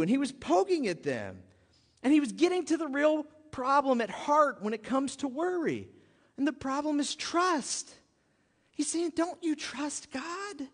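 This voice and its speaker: A man preaching a sermon in an animated, pleading and joking way to his congregation. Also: very high voice, long reverb tail. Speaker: pastor.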